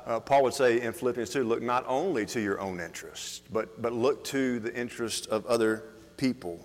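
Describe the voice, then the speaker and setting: A male pastor preaches to his congregation, moving from quiet, reflective passages into emphatic, rising stretches. He puts questions to the room and often restarts his words. His mid-pitched voice rings out with the long reverb of a church hall. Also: normal speed. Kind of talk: sermon.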